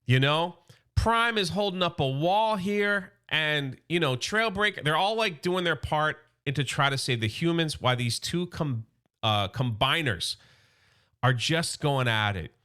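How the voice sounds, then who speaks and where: A man's voice: fairly high pitch, animated, measured pace, pushed and bright, clear, resonant tone. A man doing a casual, enthusiastic comic book recap, loosely acting out the characters' quotes.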